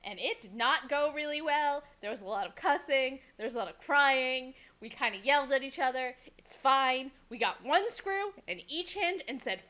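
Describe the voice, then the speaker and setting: A young woman co-hosting a podcast, telling a story in a casual, animated way, swearing freely and acting out what people said. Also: high-pitched, normal speed, hardly any pauses. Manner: animated, swears a lot, acts out quotes. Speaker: podcast co-host.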